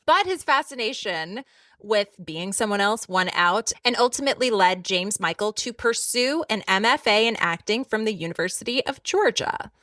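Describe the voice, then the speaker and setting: A woman's voice: medium pitch, lively intonation, moderate pace, fairly bright tone, dry recording, far from the mic. A woman in her thirties co-hosting a podcast, chatty and laughing often as she goes off on tangents. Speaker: podcast co-host. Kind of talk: casual chat.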